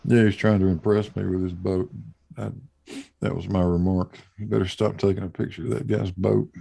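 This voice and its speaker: Man, host, gravelly, dark tone, blunt, swears freely, casual chat. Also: low voice, level tone, a little fast, dry recording. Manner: blunt, profane, dry joking.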